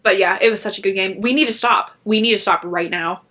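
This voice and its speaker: A woman co-hosting a podcast, telling a long story in an excited, rambling way. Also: medium pitch, brisk. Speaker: podcast co-host. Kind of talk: casual chat.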